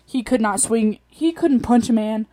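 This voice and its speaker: A woman's voice: fairly high pitch, moderate pace, warm tone. A young woman telling personal stories in a casual solo monologue, chatty and laughing often, venting animatedly. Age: young adult. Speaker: podcast host.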